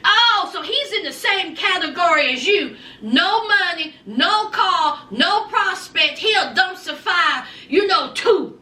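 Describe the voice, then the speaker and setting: A woman's voice: very high-pitched, expressive, slow pace, few pauses, bright, forceful tone, roomy sound, far from the mic. A woman giving a sassy, dramatic recap of a reality show and addressing her viewers directly.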